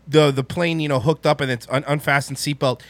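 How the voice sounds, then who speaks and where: A man telling a story in casual chat, animated and profane, with lots of restarts. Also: fairly high pitch, brisk, no echo.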